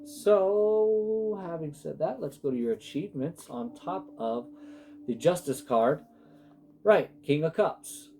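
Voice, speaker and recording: A man talks through a tarot spread in a loose, heartfelt way, trailing off and restarting his sentences. His voice sits a little high for a man. Soft music plays faintly behind him. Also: lively intonation, slow. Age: adult with sons. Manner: emotional, rambling, self-interrupting. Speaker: tarot reader. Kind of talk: casual spiritual tarot reading.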